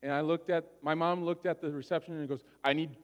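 A man's voice: a little high, fairly even intonation, fast talker, big-room sound, highs cut off. A male pastor telling a personal story during a sermon, conversational and often checking in with his listeners.

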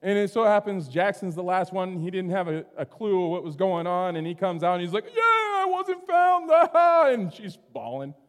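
A middle-aged man preaching a sermon in a church sanctuary, telling stories in a relaxed, conversational way and often checking in with "right?". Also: high voice, fairly quick, hardly any pauses. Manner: conversational, storytelling, keeps asking "right?". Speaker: pastor. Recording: long hall reverb.

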